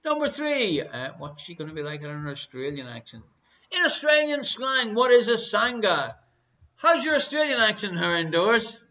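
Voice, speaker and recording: An Irish man hosts a live online quiz, reading questions and cracking teasing jokes between the answers. His voice is high and bright. The stream audio sounds muffled and lo-fi. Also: big pitch swings, moderate pace. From Ireland. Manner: joking, teasing banter with hesitant fillers. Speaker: quiz show host. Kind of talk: casual live quiz hosting.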